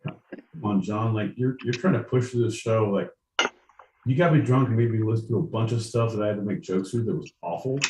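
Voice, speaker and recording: A tipsy man co-hosting a podcast, joking loudly and swearing in casual banter. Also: fairly low pitch, fairly quick. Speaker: podcast co-host. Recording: roomy echo, faint noise.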